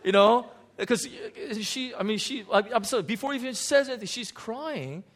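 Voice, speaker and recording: A man's voice: very high voice, lively intonation, normal speed, a bit bright. A man who is a pastor, telling a candid, self-mocking story from his own marriage in a sermon, with many restarts and fillers. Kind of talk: sermon testimony.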